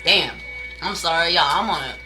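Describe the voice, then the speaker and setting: This woman's voice is lowish, pushed and bright, at a moderate pace, with faint music behind a rough recording. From her home on a late-night live stream she reads tarot, ranting with blunt, heavy swearing, calling viewers baby and y'all and naming people in chat.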